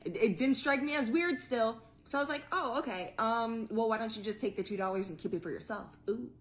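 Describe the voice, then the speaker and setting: A woman telling a personal story to camera in an animated, profane way, laughing along as she goes. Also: on the high side, brisk. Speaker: guest storyteller.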